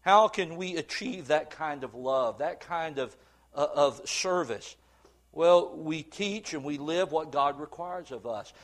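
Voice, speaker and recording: Man preaching with rising and falling emphasis. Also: animated. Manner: rising to emphatic swells then dropping low and slow; reads scripture in old-fashioned wording. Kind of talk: sermon.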